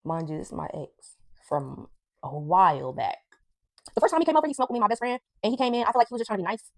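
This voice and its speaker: A woman's voice: mid-range voice, lively intonation, fast, creaky, darkish tone. A young woman vlogger telling a story in a blunt, sassy, profane way to her viewers. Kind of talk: casual storytime vlog.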